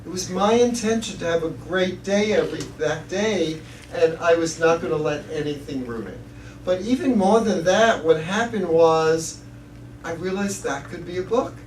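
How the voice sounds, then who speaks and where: A man's voice: a little high, moderate pace. Storytelling man in an echoey hall. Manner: chatty storyteller, laughs at his own jokes. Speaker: guest speaker. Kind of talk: inspirational talk with stories. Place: church hall with audience. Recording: echoey hall, distant mic, faint hiss.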